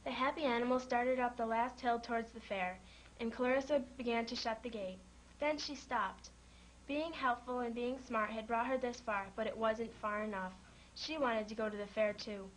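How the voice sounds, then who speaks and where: A woman reads a children's farm story aloud. Her voice sits a little high and her manner is gentle. A faint background noise stays under the reading. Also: normal speed, poor audio. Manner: gentle, lightly voices the animal characters.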